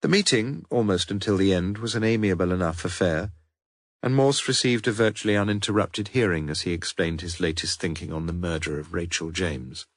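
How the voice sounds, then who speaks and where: Male audiobook narrator, lowish voice, dry close sound, measured storytelling. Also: no room sound. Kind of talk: scripted narration.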